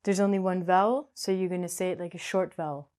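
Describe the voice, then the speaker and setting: A woman's voice: on the low side, little pitch movement, fast, darkish tone. A woman teaching English in a playful, chatty way, joking to herself as she explains. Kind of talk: casual spoken lesson.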